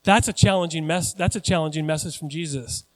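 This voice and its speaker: A pastor in his forties preaching a sermon in a joking, conversational, animated way. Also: on the high side, fairly quick. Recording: long church hall reverb.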